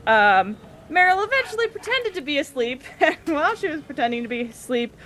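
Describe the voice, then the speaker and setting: A woman's voice: high voice, sing-song, fairly quick, a bit bright, slight background noise. A woman casually recapping a tabletop game session, chatty and giggly, briefly acting out the party members' lines. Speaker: player recapping the previous session.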